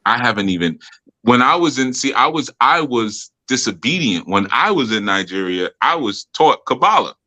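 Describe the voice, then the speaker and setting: In a loose storytelling chat peppered with slang and frequent laughter, this podcast host and spiritual teacher speaks with a sing-song lilt. His medium-pitched voice is pushed and bright, at a moderate pace.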